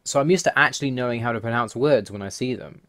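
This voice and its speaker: A man's voice: mid-range voice, fast, fairly bright tone. A man host narrating a voice-over, methodically listing language rules one by one, wry and mildly exasperated. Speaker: language-learning video host. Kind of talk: explanatory voice-over over slides.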